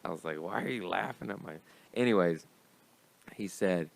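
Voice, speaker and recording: A young man with a deep, smooth voice tells a rambling, profane story in a loose podcast chat. He talks in casual stops and starts, with a comedian's easy delivery. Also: fairly quick, no echo. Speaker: comedian guest.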